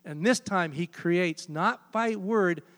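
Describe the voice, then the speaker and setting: Man preaching a sermon, high voice, long hall reverb; emphatic, hammers key phrases. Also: takes it slowly, fairly bright tone.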